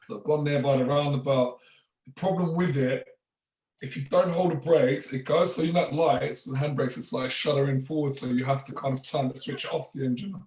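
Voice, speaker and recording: Relaxed man telling stories, roomy distant sound. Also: mid-range voice, fairly quick. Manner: relaxed, chuckles often, acts out others' lines. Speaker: podcast guest, former rugby player. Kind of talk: casual anecdote storytelling.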